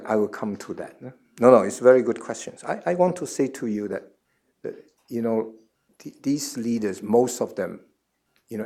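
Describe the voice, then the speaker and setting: A man in his seventies answering questions as a guest at a forum, earnest and halting, often repeating words before he finds the next phrase. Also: on the low side, gravelly, mellow, husky. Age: 70s. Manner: earnest, measured explanation. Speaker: guest speaker.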